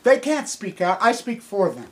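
A man in an angry, profane rant, swinging between yelling and low muttering. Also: sing-song, normal speed. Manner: furious, profane, shouting, ranting. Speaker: anti-nuclear activist.

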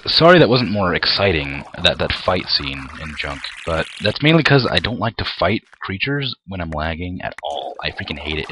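A man's voice: low-pitched, sharp tone, a little hiss or hum. A young man commenting on his own gameplay, often frustrated and ranting at the game with mild swearing. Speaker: gameplay video creator.

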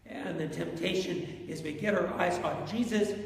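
This pastor's voice sits high, with vocal fry and a slight hiss or hum in the recording, and he speaks at normal speed. He questions the congregation in a conversational sermon, heard distantly in the echoing church sanctuary.

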